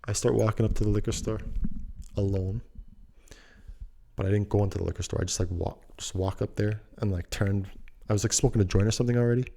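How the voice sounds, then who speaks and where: A man's voice: lowish voice, fairly even intonation, fast talker, vocal fry, mellow. A man telling a personal story in a laid-back, slangy, rambling way that drifts into musing.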